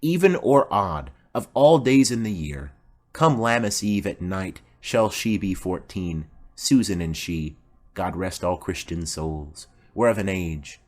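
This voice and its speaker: A man's voice: deep voice, animated, unhurried, a little mellow. A man voicing a chatty, rambling old female nurse in an audiobook play reading. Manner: rambling, garrulous.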